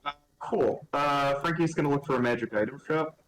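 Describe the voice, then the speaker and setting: A man's voice: a little high, a little fast, a bit bright, poor audio. A man playing his character at a tabletop game in casual talk, hesitant and full of fillers. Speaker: player.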